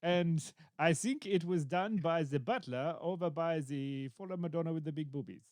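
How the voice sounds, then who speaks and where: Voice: medium pitch, moderate pace, darkish tone, no room sound, clean studio sound, lightly acted. A podcast host putting on a hammy, pompous Belgian detective voice for a joke. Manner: jokey, exaggerated put-on accent.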